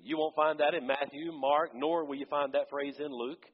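A man's voice: on the high side, steady tone, moderate pace, slightly rough. Male pastor, sermon, dramatic reader, dull long-reverb hall sound. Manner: dramatic scripture reading with asides.

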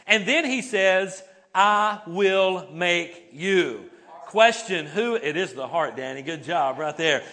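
A man's voice: high-pitched, expressive, slow, pushed and bright. A man pastor preaching a sermon to a congregation in a church, talking conversationally, often tagging his points with "right?" and having the congregation repeat words back. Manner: conversational, many "right?" and "okay?" tags. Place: church sanctuary before a congregation.

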